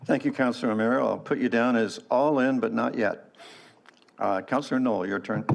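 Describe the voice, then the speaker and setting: A man runs a town council meeting as mayor, calling on speakers and managing motions. His voice is gravelly, and he keeps things moving briskly and procedurally. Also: mid-range voice.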